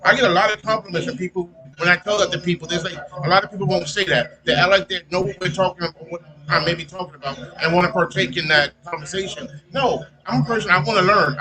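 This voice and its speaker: High-voiced man over crowd noise. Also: low-quality recording. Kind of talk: casual podcast chat.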